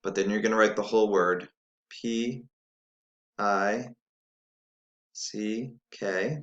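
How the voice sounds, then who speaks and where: A man's voice: fairly low pitch, fairly bright tone. A man teaching a spelling lesson, dictating sounds and words patiently and spelling letters out one by one. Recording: echoey room.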